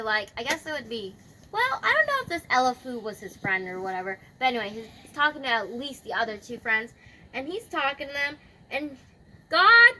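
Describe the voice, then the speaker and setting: A woman's voice: on the high side, bright, forceful tone, slight background noise. A woman retelling a scripture story in casual, slangy chat. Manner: chatty, slangy, filler-heavy.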